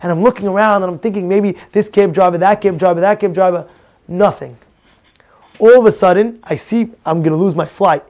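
A man's voice: sits high, a little fast, a little mellow. A man telling a personal story in a Torah lesson, acting out the dialogue with many restarts and Hebrew words mixed in. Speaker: Torah teacher.

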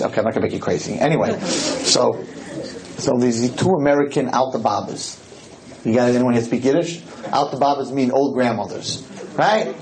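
A man giving a humorous storytelling lecture to a live audience, talking in an animated, joking way with sudden jumps in pitch. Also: normal speed, crowd noise, low-quality recording.

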